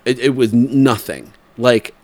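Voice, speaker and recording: With no echo on the recording, a man in his forties speaks slowly at medium pitch while telling a casual, rambling story. He laughs, uses lots of fillers, and goes into animated voices when quoting others.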